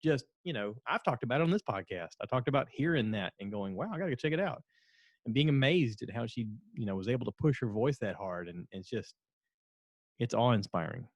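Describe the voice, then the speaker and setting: A man's voice: mid-range voice, animated, a little fast, no echo, highs cut off. A middle-aged man hosting a solo podcast, chatting casually in a rambling, self-deprecating way. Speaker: podcast host.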